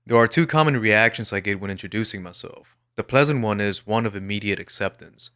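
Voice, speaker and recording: A man tells his own story in a scripted, measured narration, wry and blunt with a sardonic edge. His voice sits a little low but has a bright, forward tone.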